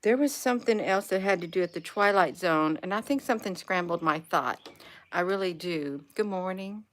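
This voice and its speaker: A woman's voice: fairly low pitch, normal speed. A woman chatting casually on a live stream outdoors in her yard, meandering and losing her train of thought as she greets viewers by name. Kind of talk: rambling casual livestream chat.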